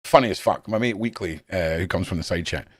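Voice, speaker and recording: A Scottish man hosting a live stream, chatting casually with his viewers in a blunt, animated way and swearing constantly. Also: deep voice, fairly quick, dry recording, clean studio sound. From Scotland. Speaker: live-stream host reading chat. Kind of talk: casual rambling chat.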